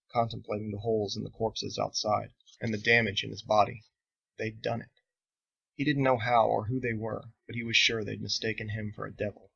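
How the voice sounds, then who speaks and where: Male author narrating a novel, gravelly, husky, dull lo-fi recording. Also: fairly low pitch. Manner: steady, measured storytelling. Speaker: author reading his novel. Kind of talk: audiobook narration.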